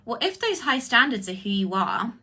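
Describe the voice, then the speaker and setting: A woman acting as a spiritual coach, talking in a casual livestream and answering viewers' comments, with effusive, drawn-out exclamations. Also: fairly high pitch, very animated, bright, forceful tone, slightly rough. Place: indoors, live video stream.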